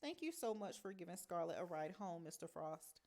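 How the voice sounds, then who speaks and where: A woman's voice: medium pitch, expressive, moderate pace, darkish tone, natural voice. A woman reading as a curt, protective mother. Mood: cold. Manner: clipped, cold. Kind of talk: reading a novel aloud.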